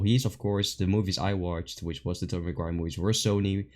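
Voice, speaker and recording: A man's voice: low voice, fairly even intonation, brisk, darkish tone. A man in casual podcast conversation, talking loosely about being a fan of superhero films. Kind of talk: casual film discussion.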